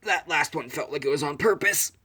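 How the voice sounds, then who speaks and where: A man's voice: medium pitch, normal speed, sharp tone, natural voice. A man voicing a cocky young demon who jokes sarcastically. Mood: smug. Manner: smug and sarcastic.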